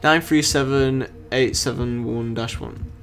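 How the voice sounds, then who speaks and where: A man's voice: mid-range voice, steady tone, a little slow, faint music behind. A young British man giving rambling, sarcastic let's-play commentary while he plays a game. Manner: rambling, sarcastic running chatter. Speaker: gaming channel host.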